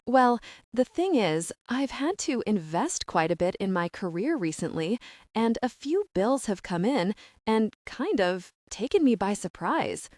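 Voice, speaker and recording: A flustered young woman talks fast and eagerly about her money troubles, as a narrator voices her. Her pitch jumps around a lot, and the sound is dry and close. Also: very animated, darkish tone, no echo. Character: flustered, chatty young woman short on cash.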